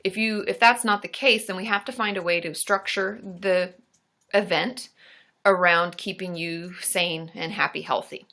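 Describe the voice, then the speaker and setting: A woman therapist hosting a live advice stream with a bright, forward tone. She talks in a loose, chatty way, full of "like" and "um". She stays supportive and joking. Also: fairly low pitch, steady tone, a little slow. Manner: chatty, supportive, casual filler-heavy talk; laughs and jokes with her partner. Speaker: licensed therapist and channel host.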